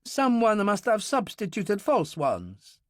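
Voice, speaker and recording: A man's voice: high voice, huge pitch swings, slow pace, no echo, studio quality, pitched above the performer's own voice, heavily acted. A man voicing a nervous, placating club manager in an audiobook. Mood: flustered. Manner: anxious, shaky, placating. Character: flustered club manager, middle-aged man.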